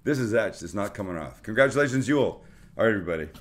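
A man's voice: on the low side, expressive, very fast. A middle-aged man hosting a cooking show in casual, enthusiastic chat, full of exclamations as he cooks.

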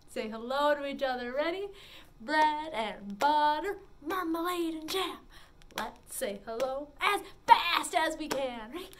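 A young adult woman librarian leading a children's story time, animated and sing-song with big pitch swings.

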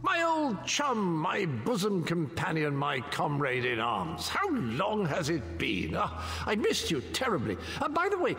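Pompous fancy knight, super high and sing-song, echoey game audio w/ faint music. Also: male voice, wildly swooping pitch, pushed and bright, heavily acted. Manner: flowery, pompous, drawn-out delivery. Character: foppish vain male knight, theatrical, self-admiring.

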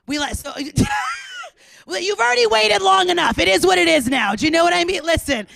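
High, excitable woman host with a gravelly edge. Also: brisk. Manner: excitable, loud, laughs often. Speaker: comedian host. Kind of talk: live crowd work at a club. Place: small club, indoors.

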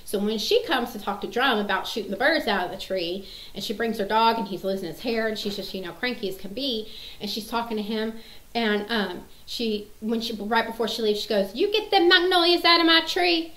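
A woman in her thirties, a mom, chats casually to camera about her favorite movie quotes, rambling with lots of fillers and restarts. Her mid-range voice is a bit bright and a little fast, and the low-quality recording sounds roomy.

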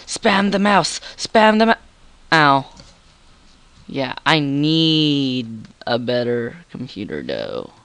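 A man's voice: mid-range voice, big pitch swings, slow, gravelly, a bit bright, no echo. A teenage boy doing goofy, rambling commentary over his game, with a frog in his throat. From Canada. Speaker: gamer. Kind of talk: gameplay commentary.

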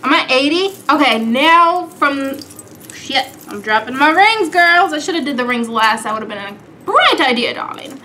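A woman's voice: sits high, lively intonation, moderate pace, sharp tone, slight background noise. A young woman vlogging casually at home, playful and sassy, calling her viewers darlings and girls. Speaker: beauty vlogger. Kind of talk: casual chat.

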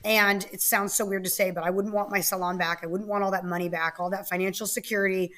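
A woman's voice: medium pitch, steady tone, fast, a bit bright. Brief: woman interview guest, bubbly, candid, mid-range voice. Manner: bubbly, candid, laughs often. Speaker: guest, activist and author. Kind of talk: casual interview talk.

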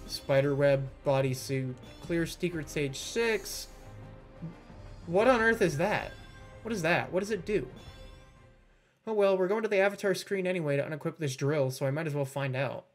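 A man's voice: on the high side, animated, moderate pace. A man giving let's-play commentary, sarcastic and critical as he rants about the game he is playing. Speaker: gaming YouTuber. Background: faint game music.

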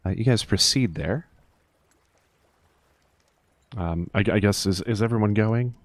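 A man narrating a tabletop game as game master, pausing often with fillers. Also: fairly low pitch, no echo. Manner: hesitant, many fillers.

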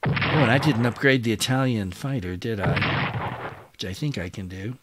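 A man's voice: lowish voice, normal speed, very noisy. A man hosting a let's-play of a strategy wargame, thinking aloud as he moves and bursting into cheers when an attack pays off. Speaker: gaming channel host. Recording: loud game battle sounds behind voice. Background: loud artillery and gunfire from the game.

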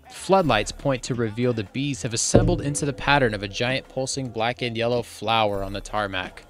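A man's voice: medium pitch, moderate pace, hardly any pauses, fairly bright tone, soft background music. Man reading a script aloud, bursts of mock panic. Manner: reads every part in a barely changed voice with bursts of mock panic. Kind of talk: comic script read-through.

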